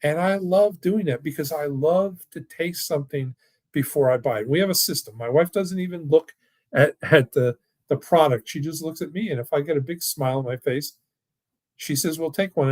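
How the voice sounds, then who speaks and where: A man's voice: fairly high pitch, normal speed, a little mellow, dry recording. A man who owns a financial firm, hosting a webinar with live questions in an enthusiastic, rambling, folksy way. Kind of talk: casual webinar talk with live Q&A. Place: home or office, online workshop.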